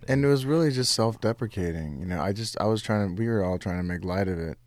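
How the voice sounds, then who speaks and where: Young male comic, deep low voice, dry close sound, animated anecdote delivery. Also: no echo. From United States. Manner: animated, quick to laugh, restarts. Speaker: stand-up comic guest. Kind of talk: casual interview, telling jokes from his act.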